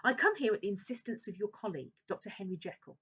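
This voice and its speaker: A woman's voice: medium pitch, lively intonation, fast talker, a bit bright, breathy edge, voice pushed up. A woman reading a desperate, agitated stranger. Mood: strained, urgent. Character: desperate agitated male stranger forcing politeness. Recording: dull lo-fi recording.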